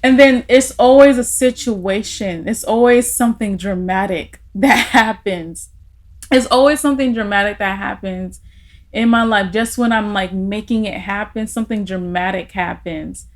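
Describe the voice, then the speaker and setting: A woman's voice: medium pitch, normal speed. A young woman in a casual podcast conversation, telling a personal story with feeling and laughing through tears at times.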